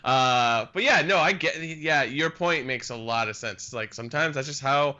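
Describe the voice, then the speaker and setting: A man co-hosting a casual podcast, relaxed and agreeable, laughing easily. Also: mid-range voice, normal speed. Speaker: podcast co-host. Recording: dull lo-fi sound.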